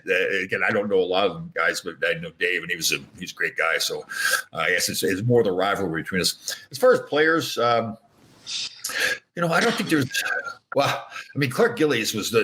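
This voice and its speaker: A man in his sixties with a low, bright voice, rattling off stories at a fast clip. He acts out quoted lines as he goes, in a casual interview-guest manner. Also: rough recording. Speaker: guest, former pro hockey player.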